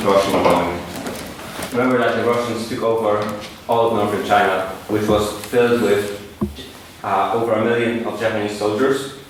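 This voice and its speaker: Low-voiced man debating in echoey hall. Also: distant mic, a little hiss or hum. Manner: earnest, halting, with restarts. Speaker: debate speaker. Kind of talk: formal debate speech. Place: large debating chamber. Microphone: far room mic.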